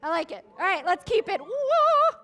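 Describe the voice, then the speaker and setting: A woman's voice: extremely high pitch, lively intonation, fast talker, a bit bright. A woman leading a sung Passover seder, playful and joking, making animal and sound effects as she sings. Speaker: seder leader. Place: synagogue service. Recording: guitar music behind.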